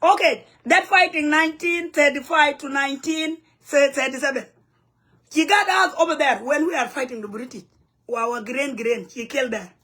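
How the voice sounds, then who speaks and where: High-voiced woman. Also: normal speed, pushed and bright. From South Sudan. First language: Nuer. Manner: heated, blunt, broken English mixed with Nuer phrases. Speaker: community vlogger. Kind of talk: angry direct-to-camera rant. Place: home in the U.S.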